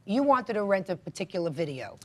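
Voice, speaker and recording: A woman presiding as a judge, summarizing claims and firing brisk, pointed questions at the parties. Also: mid-range voice, very animated, mellow. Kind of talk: questioning litigants in a televised courtroom.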